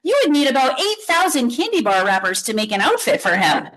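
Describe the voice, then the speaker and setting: A woman's voice: high voice, big pitch swings, brisk, a bit bright, voice pushed up, exaggerated voice, rough recording. A woman reading aloud and voicing a curious, sassy young girl who wants to be a reporter. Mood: eager.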